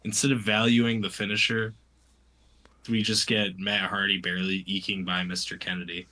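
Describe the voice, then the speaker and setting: Very deep-voiced sarcastic man. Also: flat delivery, normal speed, pushed and bright. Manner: wry, sarcastic, swears casually. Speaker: podcast co-host. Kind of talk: casual wrestling recap chat.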